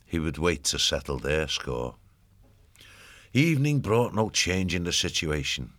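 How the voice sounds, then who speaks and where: A man giving steady scripted narration of a story. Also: low-pitched, dry recording.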